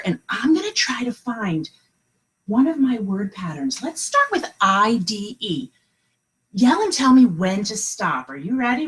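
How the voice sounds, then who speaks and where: A woman kindergarten teacher giving a live lesson from home, talking in a sing-song, encouraging way and slowing down to sound out words. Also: mid-range voice, fairly bright tone, breathy edge, low-quality recording. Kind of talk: live online lesson for young children.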